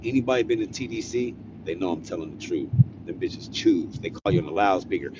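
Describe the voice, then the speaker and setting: Low-voiced man telling a slangy story. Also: lively intonation, a little fast, highs cut off, background noise. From California. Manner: slangy, profane, laid-back. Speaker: storyteller vlogger. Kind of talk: casual storytelling.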